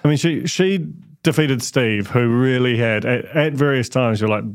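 A man's voice: mid-range voice, moderate pace, smooth. A man, chatting casually on a podcast panel, rambling with many restarts. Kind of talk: casual chat.

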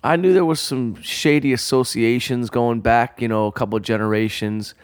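A man from Detroit spins a rowdy personal tale in a loose, casual way. His voice sits at an everyday middle pitch, and he swears freely. He jumps into the quoted lines of the people in the story. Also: moderate pace. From Detroit, USA. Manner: profane, animated storytelling with quoted dialogue.

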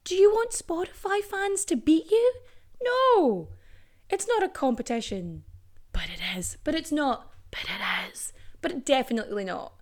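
A young woman talks straight to her listeners in a loose, chatty podcast monologue. Her voice sits a little high. She swears freely and drifts into playful, self-mocking asides. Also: expressive, moderate pace, darkish tone. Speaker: podcast host. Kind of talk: casual solo podcast monologue.

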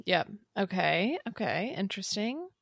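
A woman's voice: medium pitch, very animated, measured pace, creaky, no room sound, clean studio sound. A woman co-hosting a podcast, chiming in with short reactions and mock-shocked asides. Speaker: podcast co-host. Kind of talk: casual chat.

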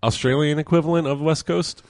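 A man's voice: on the high side, fairly even intonation, fairly quick, a little mellow. A man co-hosting a casual podcast, dropping dry, wry remarks and basketball facts. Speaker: podcast co-host.

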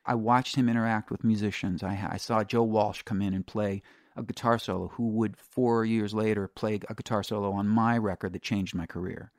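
A man's voice: fairly low pitch, steady tone, normal speed, no echo, clean studio sound. A middle-aged man, a singer-songwriter guest, telling candid stories in a casual interview, restarting sentences and swearing freely.

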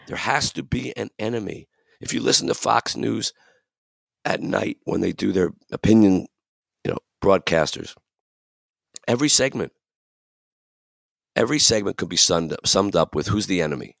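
A man's voice: sits low, moderate pace, gravelly, long pauses, no room sound, clean studio sound. A man hosting a podcast, talking earnestly and emphatically and acting out the voices he quotes. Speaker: podcast host. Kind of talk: reflective podcast talk.

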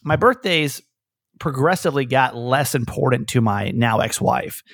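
Gravelly self-deprecating man chatting. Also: mid-range voice, animated, moderate pace, a bit bright, no room sound, studio quality. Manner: rambling, self-deprecating, with frequent restarts. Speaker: radio host. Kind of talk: casual chat.

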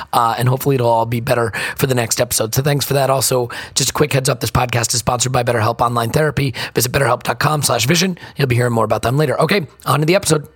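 A man hosting a sports podcast with a hoarse, croaky voice, chatting casually and self-deprecatingly from a hotel room. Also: mid-range voice, no room sound. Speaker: podcast host. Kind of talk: casual chat.

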